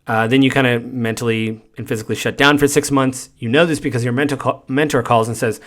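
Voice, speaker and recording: A man's voice: medium pitch, fairly even intonation, fast, few pauses. Man recapping a game, rambling. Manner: rambling, lots of fillers and paraphrased quotes. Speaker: podcast host. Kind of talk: casual spoiler recap.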